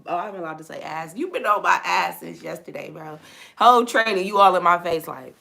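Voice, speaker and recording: A young woman hosting a casual live chat with her viewers, animated and laughing often, her voice slightly hoarse. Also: lowish voice, a little fast, a little hiss or hum. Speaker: live stream host and coach.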